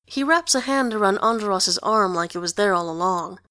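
A woman narrating a story aloud in an even, conversational manner. Her voice sits at a middle pitch, recorded close and dry with no room. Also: moderate pace, no echo. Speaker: reader. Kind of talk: audiobook narration of fan fiction.

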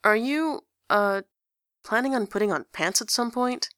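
A woman's voice: on the high side, measured pace, fairly bright tone, no room sound, studio quality, voice pushed up. A woman voicing an earnest young man who speaks with strained patience.

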